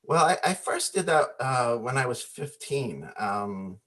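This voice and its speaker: Animated storytelling man on a video call. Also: mid-range voice, unhurried. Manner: animated storyteller, acts out quoted voices, laughs often. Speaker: guest musician.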